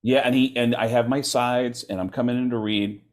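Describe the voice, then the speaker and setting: Animated middle-aged male comedian storytelling. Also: medium pitch, normal speed. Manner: animated storyteller, acts out quotes. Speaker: comedian and voice actor, interview guest. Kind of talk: casual storytelling interview.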